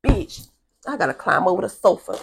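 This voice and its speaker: Her voice sits on the low side, husky and touched with vocal fry, and she speaks briskly. Addressing her camera, she tells a long personal story in a relaxed, animated way, swearing freely and mimicking the people in it.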